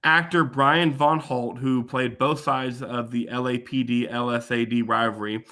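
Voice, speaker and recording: A man hosting a casual movie podcast and working through trivia in a methodical, matter-of-fact way. His voice sits at a middling pitch. He sounds plain and relaxed. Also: a little slow. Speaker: podcast host. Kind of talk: casual chat, reading trivia.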